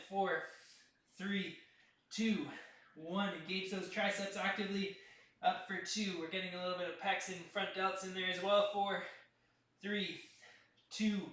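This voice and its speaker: Heard from afar in a reverberant room, a high-pitched man runs a workout class. He counts out reps and keeps up a steady stream of coaching cues as the instructor.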